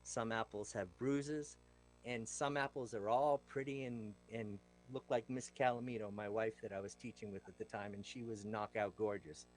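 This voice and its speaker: Man telling classroom stories, animated. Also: fairly low pitch, moderate pace, a little hiss or hum, rough recording. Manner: animated, acts out what he told the class; loose, plain-spoken, lots of fillers. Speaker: talk show guest. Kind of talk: casual interview storytelling.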